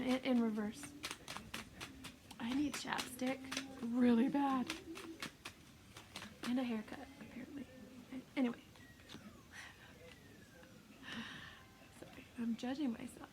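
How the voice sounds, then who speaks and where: A woman giving a casual intuitive tarot reading, chatty and self-mocking, laughing often and sometimes dropping into soft whispers. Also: a little high, noisy background. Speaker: tarot reader.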